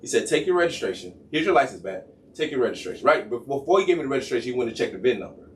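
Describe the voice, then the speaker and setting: A man spinning a profane story in casual chat, his pitch leaping high and low as he plays every part. He sits some way off the mic, with a faint hum of room noise behind him. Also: rapid-fire, recorded from a distance. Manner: animated, profane, acts out both sides of a story. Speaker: podcast co-host.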